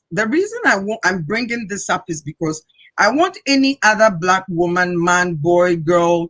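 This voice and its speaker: A woman's voice: medium pitch, fairly bright tone. A woman hosting a talk show, encouraging her guest with frequent affirmations. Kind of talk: interview conversation.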